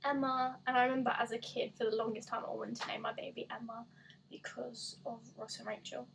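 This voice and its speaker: A woman's voice: on the high side, level tone, fairly quick, vocal fry, background noise. An eighteen-year-old woman chatting casually while doing an online quiz, rambling and self-deprecating with lots of "like". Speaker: gaming YouTuber.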